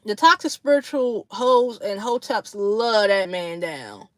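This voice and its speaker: A woman's voice: mid-range voice, lively intonation, unhurried, dry recording. A woman hosting a casual livestream chat with her viewers, blunt, slangy and profane, laughing often between remarks. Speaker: livestream host.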